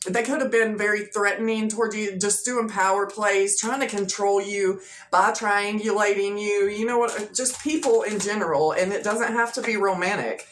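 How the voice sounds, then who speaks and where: A woman with a medium-pitched, fairly bright voice reads tarot for her viewers in a chatty, casual way. She repeats herself and uses lots of fillers, and the recording has an echoey room and faint noise.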